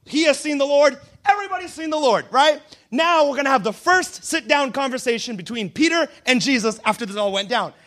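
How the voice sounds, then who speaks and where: A man with an unusually high voice preaches a sermon, retelling a story in loose, slangy everyday talk. He narrates with a relaxed, conversational manner. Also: brisk, hardly any pauses. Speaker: pastor.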